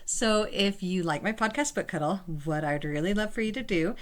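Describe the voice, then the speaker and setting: A woman's voice: medium pitch, normal speed. A woman hosting a podcast interview, chatting casually with short, friendly affirmations. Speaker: podcast host.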